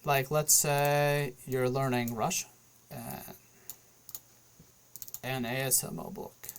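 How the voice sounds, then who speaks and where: A man's voice: medium pitch, takes it slowly, creaky, smooth. A man talking casually straight to the camera in a loose, rambling monologue full of fillers. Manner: loose, filler-heavy, often checks in with "okay?". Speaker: vlogger.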